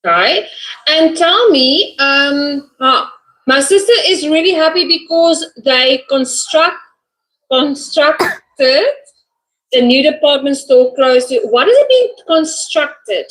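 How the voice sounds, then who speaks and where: A woman's voice: sits high, expressive, takes it slowly, fairly bright tone, low-quality recording. A woman teaching English over a video call, prompting her student and praising each answer. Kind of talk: online lesson.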